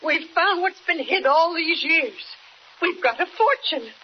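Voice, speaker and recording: A woman's voice: very high voice, animated, measured pace. An actress playing an anxious, homespun older woman with folksy rural speech in a 1940s radio drama. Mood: overjoyed. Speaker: actor. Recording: dull old radio recording with faint hiss.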